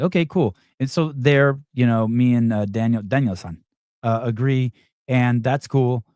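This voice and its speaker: A man's voice: mid-range voice, measured pace, darkish tone, clear, resonant tone, no echo, studio quality. A man hosting a podcast in casual talk, reacting to viewer comments in a blunt, profane and rambling way. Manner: rambling, self-interrupting delivery. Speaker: podcast host.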